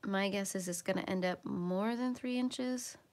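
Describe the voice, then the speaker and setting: A woman hosting a casual livestream from home while she colors. She chats along and sometimes drops into soft murmurs as she works. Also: medium pitch, normal speed. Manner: chatty, drifts into soft murmurs while working. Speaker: livestream host.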